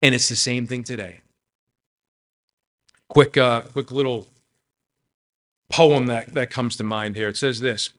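A man preaching a sermon, addressing the congregation directly and swinging between loud emphasis and quiet asides. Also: mid-range voice, fairly even intonation, measured pace, pauses often. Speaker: pastor.

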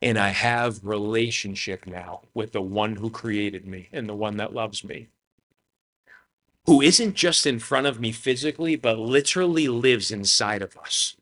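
A man's voice: lowish voice, unhurried, fairly bright tone. A man, the pastor, giving a conversational sermon to his church, talking casually with lots of "man" and "you know".

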